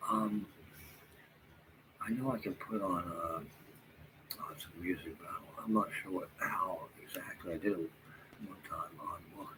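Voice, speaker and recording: A tired man with a low voice talks to viewers in a halting, rambling monologue. It is full of fillers and restarts, and he sometimes drops to a near whisper. The room behind him is noisy.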